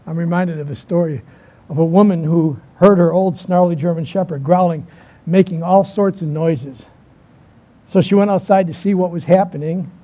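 High-voiced preacher, husky and mellow. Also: male voice. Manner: storytelling preacher, emphatic with quiet pauses. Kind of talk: sermon. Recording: dull lo-fi sound.

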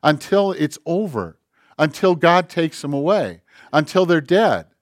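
A man preaching a conversational sermon, swinging between loud emphasis and hushed, quiet quoting. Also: a little high, very animated, a little slow, dry recording, studio quality. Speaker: pastor.

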